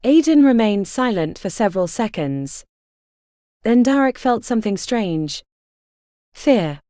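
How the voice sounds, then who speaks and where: A woman narrates a romance novel with expressive, dramatic delivery. Her pitch rises and falls in a lively way over a mellow tone, and the recording is dry and close. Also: measured pace, dry recording. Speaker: audiobook narrator. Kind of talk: scripted narration.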